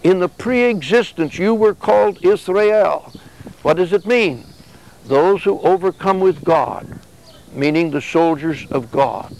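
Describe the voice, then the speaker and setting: A man's voice: sits high, slow pace, a little mellow, poor audio. A man giving a sermon in a conversational way, often acting out back-and-forth exchanges to make his points. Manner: conversational preaching with acted-out exchanges. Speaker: religious speaker.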